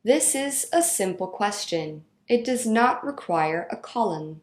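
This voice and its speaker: A woman reading out a grammar lesson in a clear, instructional way. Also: mid-range voice, animated, echoey room. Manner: slow, clear instructional delivery. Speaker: teacher. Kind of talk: scripted lesson narration.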